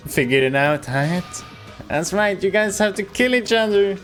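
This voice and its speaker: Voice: medium pitch, lively intonation, a little slow, soft background music, lightly acted. A streamer voicing a gleeful male bear mascot who teases in a sing-song way while reading game dialogue aloud.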